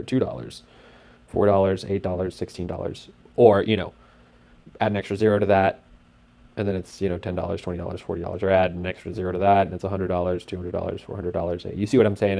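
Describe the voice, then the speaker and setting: A man narrating casually over his screen as host, talking in an excitable, rambling way with lots of fillers. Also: low voice, gravelly. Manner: acts out sound effects and his own thoughts.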